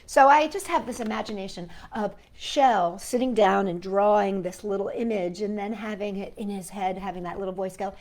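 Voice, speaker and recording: A woman hosting a children's storytime, talking gently to a puppet and to young viewers. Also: medium pitch, animated, a little fast, hardly any pauses. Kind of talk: storytime reading and sing-along for children.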